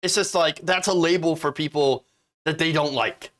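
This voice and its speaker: A man's voice: on the high side, normal speed, fairly bright tone. A man hosting casual political commentary, sarcastic and mocking. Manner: sarcastic, mocking voices of opponents.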